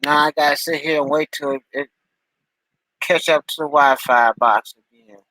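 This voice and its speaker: A man's voice: fairly high pitch, fairly even intonation, normal speed, bright, forceful tone, dry recording, low-quality recording. A man chatting loosely with his live-stream viewers through a headphone mic, joking and calling people by name. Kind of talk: casual live-stream chat.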